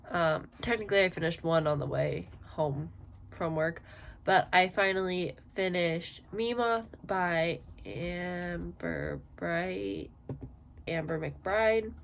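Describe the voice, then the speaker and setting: A woman's voice: fairly low pitch, slow, gravelly. A woman in her twenties chatting casually in a book vlog, rambling with lots of fillers. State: tired, yawning. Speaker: book vlogger.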